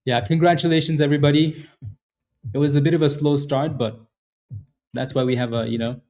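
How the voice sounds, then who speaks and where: A man with a dark, mellow voice hosts a live trading stream. He talks casually and keeps repeating himself to drive a point home. He calls out chat viewers by name. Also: on the high side, fairly even intonation, a little fast. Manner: repetitive, hyped, chatty, addresses viewers by name. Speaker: day-trading livestream host.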